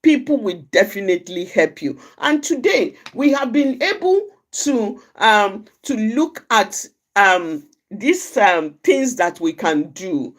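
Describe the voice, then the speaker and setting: A woman's voice: mid-range voice, big pitch swings, slow, few pauses. A middle-aged woman from Nigeria giving an informal advice talk, often repeating and restarting her phrases and acting out little quoted exchanges. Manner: repetitive, restarts phrases, acts out quoted dialogue. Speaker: outreach speaker.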